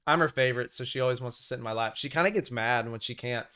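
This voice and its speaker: A man's voice: medium pitch, fast talker, sharp tone, clear, resonant tone. A man hosting a casual livestream, talking about the markets in a chatty, rambling way with many restarts. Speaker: livestream host.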